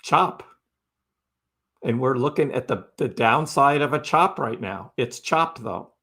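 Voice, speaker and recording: A man's voice: medium pitch, expressive, measured pace, a bit bright, breathy edge. A man hosting a casual crypto livestream, chatty and repetitive, often tagging lines with "right?" and talking back to his chat. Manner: chatty, repeats phrases, peppers with "right?"; talks back to chat commenters.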